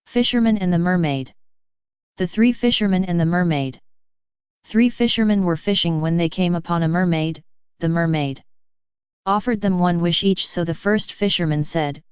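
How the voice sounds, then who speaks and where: A woman narrating a series of jokes in an even, unhurried read-aloud manner. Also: lowish voice, clear, resonant tone, no room sound, muffled recording. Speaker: joke reader. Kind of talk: scripted joke narration.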